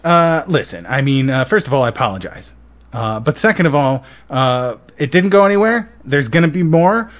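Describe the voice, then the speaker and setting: A man hosting a casual podcast, excitable and rambling, with many fillers. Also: medium pitch, moderate pace. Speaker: podcast host.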